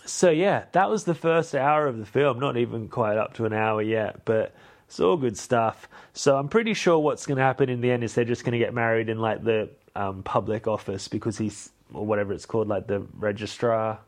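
A man's voice: mid-range voice, fairly quick. A man hosting a podcast, recapping a film in a rambling, casual way with swearing and self-corrections. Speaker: podcast host.

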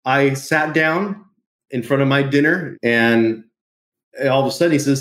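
A man being interviewed about his business, telling lively stories, acting out quotes and laughing often. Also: mid-range voice, moderate pace. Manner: animated storyteller, laughs often, acts out quotes. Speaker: podcast guest, entrepreneur. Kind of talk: casual interview storytelling. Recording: roomy echo.

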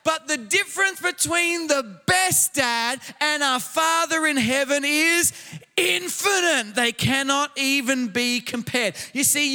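A man preaches a sermon in a large hall, his voice high and bright. He drives each point with emphatic repetition and rising shouts. The sound carries a long reverb from the room. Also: clear, resonant tone. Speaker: pastor.

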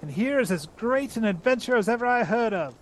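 A man's voice: very high-pitched, expressive, fairly quick, voice pushed up. A man reading aloud and voicing a valiant, proud male talking mouse knight with a grand, formal manner.

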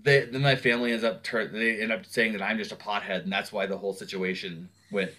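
A man's voice: fairly low pitch, fast. A man telling a long personal story in casual conversation, swearing freely and acting out what other people said. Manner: animated, acts out other people's words.

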